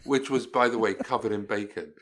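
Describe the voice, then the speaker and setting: An Englishman with a low voice joins a casual podcast as a guest. He teases the hosts in a dry, understated way. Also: fairly quick, fairly bright tone. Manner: dry teasing humor.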